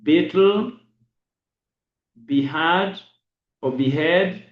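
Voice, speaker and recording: Slow man teaching in an echoey room. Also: on the high side, highs cut off. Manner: slow, spells letters and dot numbers. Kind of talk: braille lesson.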